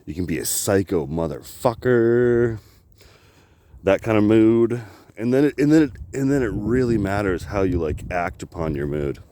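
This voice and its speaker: Outdoors by the water, a man from Canada films a casual vlog on a handheld camera, his warm, lowish voice animated and at a moderate pace. He rambles, swears, and laughs a lot.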